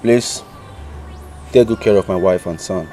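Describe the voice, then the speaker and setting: A man's voice: sits low, a little slow, warm tone, recorded from a distance, faint music behind. An actor with a Nigerian accent playing a husband who earnestly asks his brother to care for his son, in a Nollywood film drama. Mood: solemn. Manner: solemn, earnest. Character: husband fearing death, entrusting his son.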